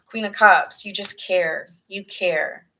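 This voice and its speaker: A woman's voice: medium pitch, slow pace, heavy background noise. A woman giving a casual tarot reading, earnest and rambling, sometimes dropping into whispered asides. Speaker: tarot reader.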